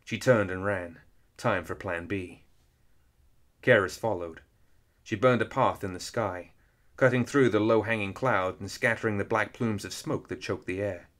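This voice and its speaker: A man reading an action story aloud in steady, measured narration. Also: fairly low pitch. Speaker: audiobook reader. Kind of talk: scripted narration.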